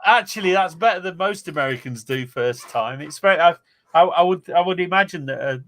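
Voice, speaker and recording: An English man hosts a chat over a video call with a bright, edgy tone and a fairly high voice. He is courteous, thanking people and passing on questions. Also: lively intonation, fairly quick. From Nottingham, England. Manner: polite and courteous, thanking guests and relaying questions. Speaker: host. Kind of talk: hosting an online interview.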